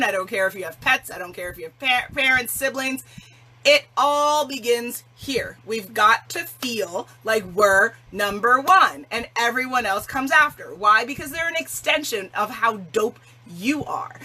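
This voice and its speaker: Female livestream host, casual and emphatic, laughs often, bright forceful tone. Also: on the high side, low-quality recording. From Jamaican family. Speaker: self-love challenge host.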